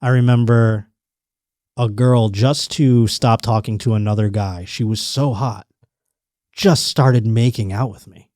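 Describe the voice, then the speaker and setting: A man's voice: medium pitch, measured pace, no room sound. Man telling a rambling story, dry sound. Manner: rambling, animated storytelling with restarts and quoted voices. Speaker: podcast host. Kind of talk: casual storytelling chat.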